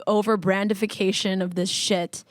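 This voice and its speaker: A woman co-hosting a casual podcast chat, excitable and profane, laughing as she talks. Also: mid-range voice, normal speed, dry recording, clean studio sound. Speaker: podcast co-host.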